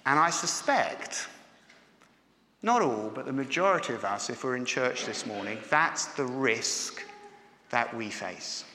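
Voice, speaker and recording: A man's voice: medium pitch, animated, a little slow, bright, forceful tone, slight background noise. A man preaching a sermon in church, talking conversationally and putting questions to the congregation. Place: church hall. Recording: echoey hall with long reverb.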